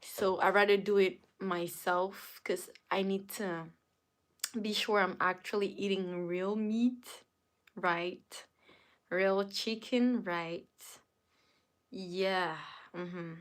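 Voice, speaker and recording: A woman's voice: medium pitch, fairly even intonation, slow pace. A woman hosting a casual live stream, chatting playfully with viewers, reading their comments aloud and laughing often. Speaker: livestream host.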